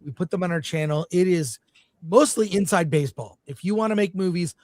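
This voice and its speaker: A man hosting a casual film-talk panel, speaking in an animated, enthusiastic way. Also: sits high, a little fast, no echo. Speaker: show host.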